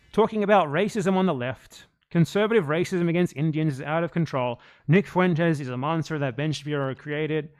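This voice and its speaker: A man's voice: a little high, smooth. A man hosting reaction commentary, exasperated and argumentative, swearing often as he rebuts. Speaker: commentary channel host.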